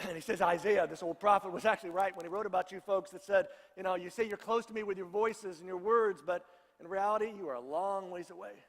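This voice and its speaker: A man's voice: sits high, fast, big-room sound. A middle-aged male pastor giving a conversational sermon, joking with his congregation. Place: church sanctuary.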